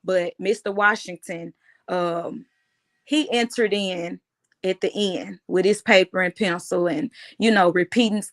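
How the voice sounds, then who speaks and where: A woman, giving a halting, emotional personal account in an interview, often restarting her phrases. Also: medium pitch. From United States. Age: 30s.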